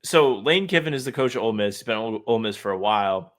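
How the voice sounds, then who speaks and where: A young man co-hosting a sports podcast, talking in a relaxed, opinionated, rambling way. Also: fairly low pitch, fast talker. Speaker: podcast co-host. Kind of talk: casual podcast chat.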